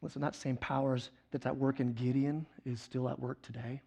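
A male guest preacher delivering a sermon, telling the story with animated swings between loud excitement and quiet intensity. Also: mid-range voice, normal speed, gravelly, husky, dull audio.

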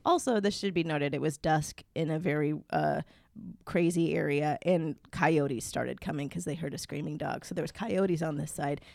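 In a low, gravelly, slightly mellow voice at a moderate pace, a young woman tells a long, rambling story on the podcast she co-hosts. It is casual chat packed with fillers, recorded with no echo.

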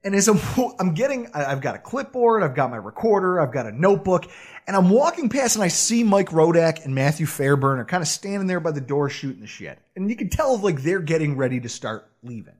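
A man co-hosting a podcast, telling a self-deprecating story in a casual, animated way with frequent laughs. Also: a little high, a little fast. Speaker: podcast co-host.

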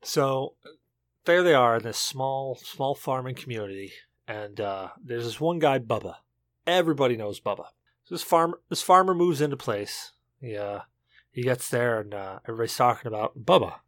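A man's voice: medium pitch, expressive, normal speed, a bit bright, no echo, studio quality. A tipsy man co-hosting a podcast, rambling through a long joke with many restarts. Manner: rambling, self-interrupting, tipsy storytelling. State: drunk. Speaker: podcast co-host. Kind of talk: casual chat, telling a joke.

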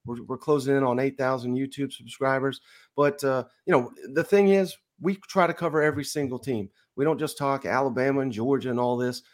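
An upbeat man guesting on a sports podcast, talking up his own show with easy laughter. His voice sits at an ordinary pitch for a man, relaxed and conversational. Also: brisk. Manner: upbeat, self-promoting, laughs often. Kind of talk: casual interview.

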